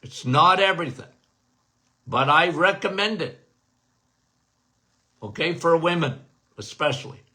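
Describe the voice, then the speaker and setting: His voice is a little high and sharp, with lively intonation, a measured pace and long pauses. This middle-aged doctor hosts a health Q&A podcast, talking casually to listeners he calls guys and repeating phrases for emphasis.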